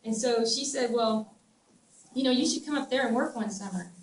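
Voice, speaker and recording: Animated storytelling woman with a twang. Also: fairly high pitch, moderate pace. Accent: Southern US twang. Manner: animated, laughs often, trails off and restarts. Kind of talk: casual storytelling. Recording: echoey room, distant mic, faint ambient noise.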